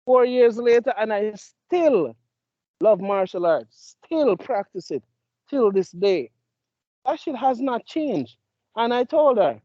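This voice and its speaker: Male co-host, 30s, laid-back storyteller, animated pitch, dry dull mic. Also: takes it slowly, no room sound. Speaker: podcast co-host. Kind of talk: casual chat.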